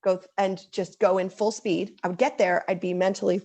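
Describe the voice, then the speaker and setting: A woman in her thirties talks as a guest in a casual interview. She speaks earnestly, with plenty of likes and ums, and her voice carries a gravelly, creaky texture. Her pitch sits in a middle range for a woman. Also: flat delivery, a little fast, a little mellow. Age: 30s.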